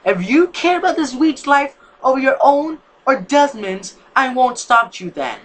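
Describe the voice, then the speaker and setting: A reader voicing Bernard, an angry male plant monster from a fan story, shouting harshly. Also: high-pitched, big pitch swings, measured pace, pitched above the performer's own voice, full character voice.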